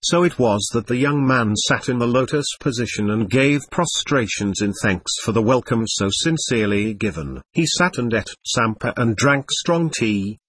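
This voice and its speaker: Male narrator, audiobook, measured, solemn, husky, dry. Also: mid-range voice, a bit bright, no room sound.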